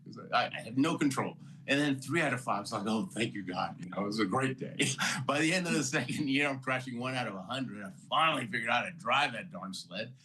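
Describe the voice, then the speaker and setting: An older man in his sixties with a bright, forceful voice sits as an interview guest and tells his story. He talks with lively energy, laughs often and slips into the voices of the people he met along the way. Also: mid-range voice, fast talker, poor audio. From Houston, Texas. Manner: energetic, motivational, laughs often, acts out dialogue. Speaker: guest, Olympic athlete.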